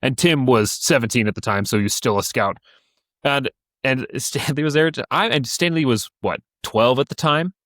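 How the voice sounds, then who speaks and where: A man's voice: medium pitch, moderate pace, no room sound, clean studio sound. A young man in his twenties, co-hosting a podcast in casual chat, who tells stories with energy and acts out the voices of the people in them. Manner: animated storyteller, acts out voices, laughs often. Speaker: podcast co-host.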